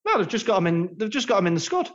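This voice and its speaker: Lively man on a dull line. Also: high-pitched, very fast. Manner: sarcastic, lively banter. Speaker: podcast co-host. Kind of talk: casual football podcast chat. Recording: dull lo-fi sound.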